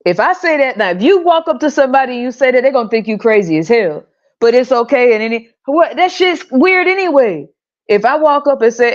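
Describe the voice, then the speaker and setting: A woman's voice: on the high side, fairly quick. A woman hosting a podcast, ranting casually with profanity and frequent laughter, in a slightly dull recording. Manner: profane, animated, laughs often. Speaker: podcast host. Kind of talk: casual monologue rant.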